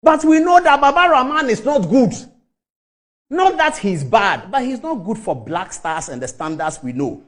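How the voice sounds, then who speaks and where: A middle-aged man with a Ghanaian English accent speaks in a strikingly high voice that leaps and dips with feeling. He delivers a fiery, rhetorical public speech and hammers his points home by repeating them. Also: sing-song, normal speed, a bit bright.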